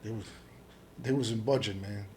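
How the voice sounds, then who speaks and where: A middle-aged man from Jamaica, telling his story as a podcast guest in an animated, profane way, acting out the dialogue. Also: lowish voice, moderate pace, slight background noise. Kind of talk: casual storytelling interview.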